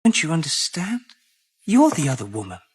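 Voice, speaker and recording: Woman as deep, raspy, slow, apologetic boyfriend. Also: sing-song, exaggerated voice. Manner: low, soothing, apologetic.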